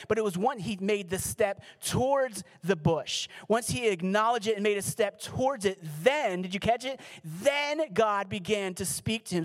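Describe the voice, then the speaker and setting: Earnest and pleading, this high-voiced male pastor delivers a sermon, easing his pace and falling to a near whisper for the important lines.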